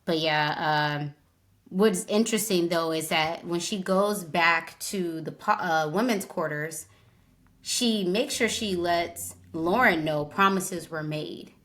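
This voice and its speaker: A woman's voice: lowish voice, takes it slowly, a bit bright. Chatty woman podcast co-host. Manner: chatty storytelling, acts out quotes. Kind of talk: casual recap chat.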